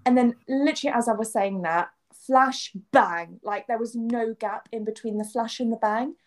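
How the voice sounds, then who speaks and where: Woman, English accent, casual podcast chat, animated, acts out quotes, higher-pitched. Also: normal speed. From England. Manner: animated storyteller, acts out quotes and sound effects. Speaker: podcast co-host.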